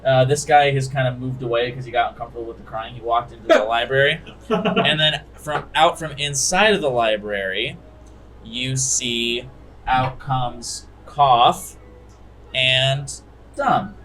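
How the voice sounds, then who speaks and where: A man's voice: mid-range voice, unhurried, fairly bright tone, low-quality recording. Young guy game master narrating, super casual, lots of ums, bit of hiss in the background.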